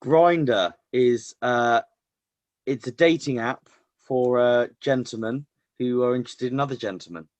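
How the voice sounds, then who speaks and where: Male co-host, laid-back and dry, mid-pitched, close dry sound. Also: a little slow, a little mellow, no echo. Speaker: podcast co-host. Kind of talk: casual chat.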